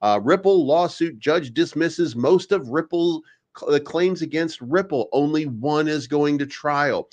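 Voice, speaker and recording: A man's voice: a little high, unhurried. A young adult man hosting a crypto show, ranting with sarcasm and mocking viewers in whiny put-on voices. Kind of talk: energetic daily crypto show monologue.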